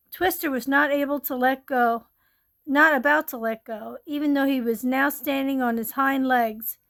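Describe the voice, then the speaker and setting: A woman steadily reading a ghost story aloud, gently and with small slips. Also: high voice.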